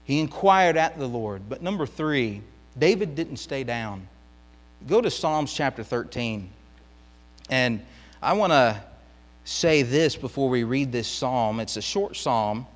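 A man teaching a Bible lesson in Sunday school, reading verses aloud and swelling into loud, impassioned pleading. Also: medium pitch, animated, takes it slowly, big-room sound.

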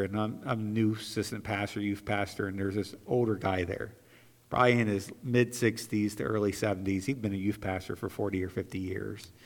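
Male pastor, 40s, earnest sermon delivery with emphatic peaks, long church-hall reverb. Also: mid-range voice. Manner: earnest preaching, rising to emphatic peaks then dropping to quiet storytelling.

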